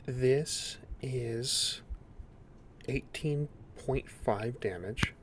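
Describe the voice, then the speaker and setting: A man as game master of a tabletop game, speaking in a laid-back way with many fillers and shifting into slow, dramatic narration. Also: medium pitch, slight background noise.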